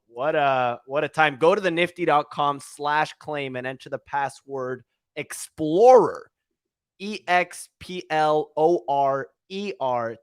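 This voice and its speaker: Upbeat male podcast co-host, unhurried delivery, smooth and clear tone. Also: medium pitch, no room sound, studio quality. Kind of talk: casual podcast chat with a sponsor read.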